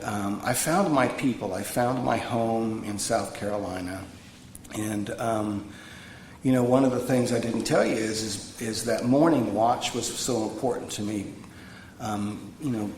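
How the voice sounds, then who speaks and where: A man's voice: lowish voice, gravelly. A man giving a personal recovery talk to a live audience, earnest, repeating phrases for emphasis. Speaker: recovery speaker. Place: retreat meeting room. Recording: echoey room, faint background hum.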